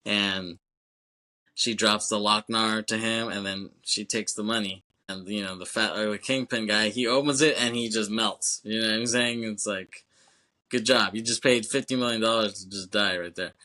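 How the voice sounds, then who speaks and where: A man's voice: fairly low pitch, steady tone, moderate pace, pushed and bright. A man co-hosting a podcast, casually retelling a film's plot in a loose, rambling way, swearing and laughing often. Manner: loose, rambling retelling with fillers and acted quotes. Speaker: podcast co-host. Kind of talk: casual film recap chat.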